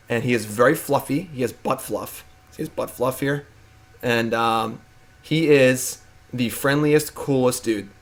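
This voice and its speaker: A young adult man hosting a live stream, chatting casually and playfully hyping up his pet. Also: mid-range voice. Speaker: streamer and host.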